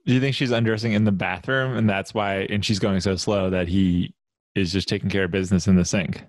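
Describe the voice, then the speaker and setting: A man's voice: low-pitched, fairly even intonation, a little fast, dry recording. A young man co-hosting a podcast, telling stories in a laid-back, casual way with laughter. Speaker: podcast co-host. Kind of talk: casual chat.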